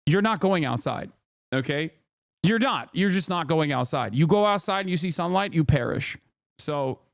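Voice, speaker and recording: A man in his thirties giving sarcastic, incredulous livestream commentary on posts, jumping to sudden high exclamations. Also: no echo, clean studio sound. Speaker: streamer reacting to posts.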